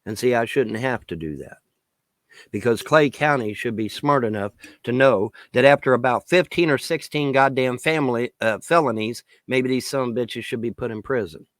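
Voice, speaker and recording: A man's voice: mid-range voice, normal speed, no echo. Swearing, ranting man. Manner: swearing, taunting, shouting in bursts. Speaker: vlogger. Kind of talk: angry profane rant to camera.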